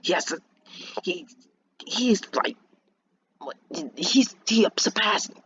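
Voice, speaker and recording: A man's voice: sits high, animated, slow pace, sharp tone, lo-fi sound, slight background noise, voice pushed up, exaggerated voice. A young man voicing an arrogant adult male alien warrior, sneering in a raised, half-whispered voice. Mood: scornful, stunned.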